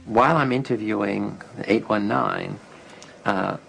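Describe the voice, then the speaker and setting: An older man, a researcher, recalling an experiment in an interview, reflective and halting. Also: fairly low pitch, creaky, a bit bright, soft background music, poor audio. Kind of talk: recorded interview recollection.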